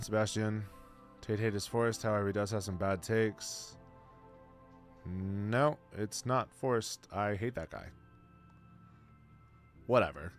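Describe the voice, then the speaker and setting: A man in his twenties, streaming and answering chat in casual, blunt talk full of bro and man. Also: on the low side. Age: 20s. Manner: blunt, slangy, calls everyone bro and man.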